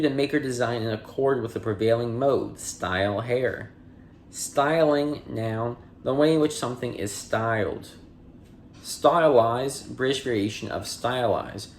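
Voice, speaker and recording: A man's voice: mid-range voice, slow, slight background noise. Man reading dictionary entries in a roomy space. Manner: reads entry word, part of speech, then definition in a steady cadence; chatty and apologetic in asides. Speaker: podcast host reading a dictionary aloud. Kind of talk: dictionary reading with casual asides. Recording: roomy echo.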